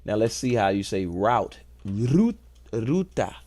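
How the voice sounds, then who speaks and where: A man hosting a casual show, thinking aloud in a relaxed, playful way and enjoying wordplay. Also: fairly low pitch, a little slow. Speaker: host. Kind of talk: casual musing talk.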